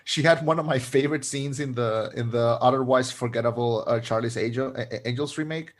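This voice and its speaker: A man's voice: mid-range voice, a little fast. A man co-hosting a podcast, chatting casually about a film, rambling with restarts and frequent laughs. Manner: rambling, many restarts and fillers, laughs often. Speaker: podcast co-host. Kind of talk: casual film review chat.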